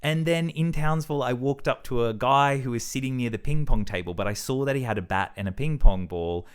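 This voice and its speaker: A man's voice: mid-range voice, fairly quick, clean tone. A young man talking through a casual, reflective vlog monologue, rambling and self-deprecating with plenty of fillers and restarts. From Australia. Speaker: vlogger.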